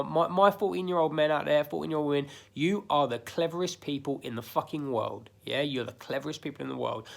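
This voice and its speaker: Blunt sweary man, slightly high. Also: vocal fry. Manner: blunt, sweary, emphatic, repeats himself, rising to loud outbursts. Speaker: video host giving life advice. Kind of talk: casual direct-to-camera monologue.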